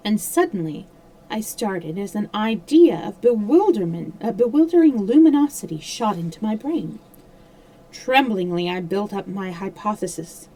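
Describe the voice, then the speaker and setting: A woman reads a mystery novel aloud for a livestream, in a steady voice with small slips and self-corrections. Her pitch sits mid-range. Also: moderate pace, no room sound, rough recording. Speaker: storyteller.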